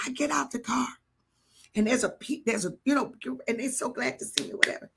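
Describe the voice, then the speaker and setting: An older woman bishop preaching a live sermon, telling a personal story with animated swings between hushed and shouted delivery. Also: fairly high pitch, brisk, creaky, slight background noise.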